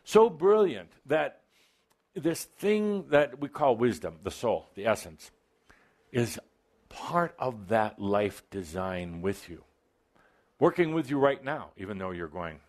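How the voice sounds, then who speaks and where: A man's voice: medium pitch, animated, takes it slowly, a little mellow. Man, spiritual talk to a live audience, wry asides, emphatic bursts, mid-range voice. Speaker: channeler speaking to a live audience. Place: event hall with live audience.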